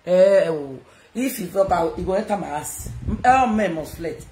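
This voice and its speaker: A Nigerian woman chatting casually to her followers, loud and teasing, often laughing. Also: lowish voice, expressive, normal speed. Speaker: social media personality. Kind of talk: casual self-recorded chat to followers. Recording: echoey room with faint noise.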